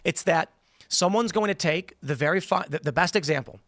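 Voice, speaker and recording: Bright-voiced man telling rambling stories. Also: a little high, fairly quick, no echo, clean studio sound. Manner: rambling storyteller, acts out quotes in voices. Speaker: podcast host. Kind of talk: casual panel discussion. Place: studio.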